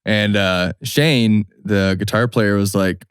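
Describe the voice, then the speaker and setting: A man's voice: on the low side, fairly even intonation, slow pace, smooth, no room sound, studio quality. A young man from New Mexico, a hat maker and guest, telling stories in a laid-back, slangy way. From New Mexico, USA. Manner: laid-back, slangy, acts out quoted people. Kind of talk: casual storytelling.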